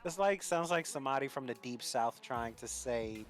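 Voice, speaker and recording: A man's voice: medium pitch, moderate pace, faint music behind. A man from Louisiana with a light Cajun accent, a guest chatting bluntly on a livestream and swearing casually. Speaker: stream guest. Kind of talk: casual stream chat.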